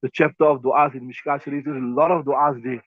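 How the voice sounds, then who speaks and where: A man with a South African accent, a mufti teaching a hadith class in a conversational way, with quick Arabic recitation. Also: mid-range voice, steady tone, no room sound, phone-quality sound. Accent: South African English.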